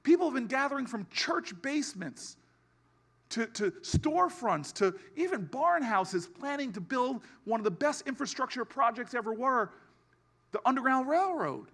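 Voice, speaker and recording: A man delivers a keynote in a high, bright, forceful voice. He moves from humorous family stories to a rousing, oratorical finish, repeating his lines louder each time. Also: very animated, normal speed. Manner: oratorical, builds to shouted repetition; humorous storytelling asides. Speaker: keynote speaker.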